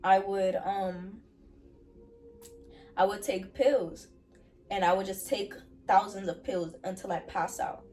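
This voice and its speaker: A woman's voice: mid-range voice, fairly even intonation, slow, pauses often, dark tone, recorded from a distance. A young adult woman telling her personal faith testimony in an earnest, candid way, often repeating phrases for emphasis.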